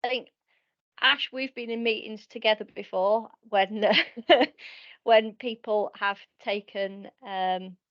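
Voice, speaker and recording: A woman's voice: medium pitch, steady tone, slow pace. Hesitant woman on a lo-fi call. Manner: hesitant, many ums and restarts. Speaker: panelist. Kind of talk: casual video-call discussion. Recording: dull lo-fi video-call audio.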